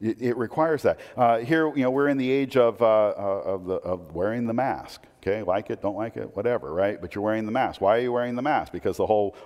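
A man delivering a conversational sermon as a pastor, asking rhetorical questions and swinging between emphatic raised lines and quiet low asides. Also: brisk, few pauses, big-room sound.

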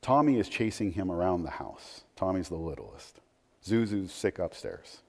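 A man's voice: sits low, lively intonation, moderate pace, darkish tone. A man preaching a sermon in a conversational way, with frequent restarts and asides. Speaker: pastor. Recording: long hall reverb.

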